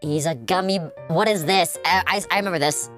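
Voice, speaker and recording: A man's voice: high-pitched, a little fast, a bit bright, faint music behind, voice pushed up. A man speaking his normal way through a vocoder with the formant raised, joking and rambling to his stream. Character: formant-shifted version of his own voice. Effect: vocoder formant shift. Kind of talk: live stream chatter.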